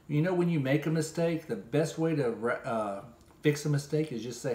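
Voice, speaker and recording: A man's voice: on the high side, fairly quick, echoey room. A man delivering a sarcastic, scolding critique monologue as host of a gambling video channel. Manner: sarcastic and scolding, with bursts of loud mimicry.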